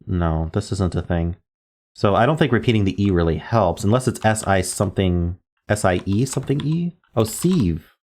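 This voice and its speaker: A word game streamer with a low, deep, slightly mellow voice works through puzzles, spelling out letters and musing over guesses. He's animated but moderately paced, casual, often correcting himself mid-sentence, while keyboard clicks sound behind him.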